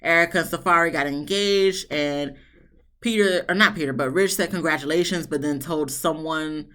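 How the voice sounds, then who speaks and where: A woman casually recapping a TV episode, chatty and animated, with sarcastic asides. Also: normal speed. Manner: chatty, animated, mock-quotes people with big pitch swings. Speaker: TV show reviewer.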